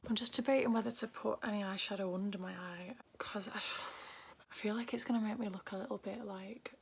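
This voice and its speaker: A young woman with a Northern English accent chatting casually while doing her makeup. She rambles, often drops into soft half-whispers, and lifts her voice at the end of sentences. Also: medium pitch, fairly even intonation, a little fast, vocal fry, a little hiss or hum. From Northern England. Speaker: beauty vlogger.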